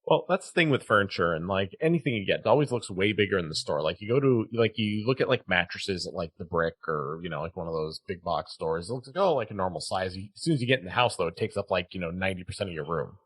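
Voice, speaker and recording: A man with a low, husky voice talks on a casual podcast. His pitch swings a lot as he explains, and the sound is dry and close. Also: fast, few pauses, dry recording. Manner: animated, says "like" a lot. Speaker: podcast co-host.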